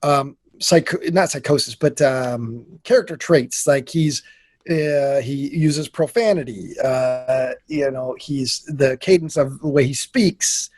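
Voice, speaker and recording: A man's voice: medium pitch, slow pace. A man chatting casually on a podcast about his improv performance, rambling and self-critical with lots of restarts. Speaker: podcast guest, improv actor. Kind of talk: casual chat.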